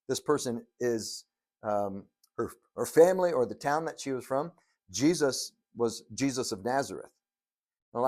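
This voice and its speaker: A pastor with a medium-pitched voice preaches a sermon, telling the story animatedly and acting out its scenes.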